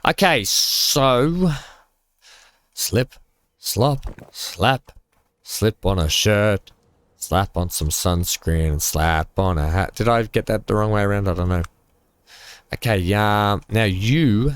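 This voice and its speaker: A man hosting a let's-play, commenting casually from home, rambling, joking and thinking out loud as he plays. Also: on the low side, animated, measured pace, smooth. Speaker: gaming channel host.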